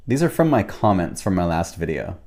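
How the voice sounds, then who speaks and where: Man, fairly low voice, casual host reading comments, amused. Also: sing-song, fairly quick, mellow. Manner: reads comments aloud, amused. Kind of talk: casual chat.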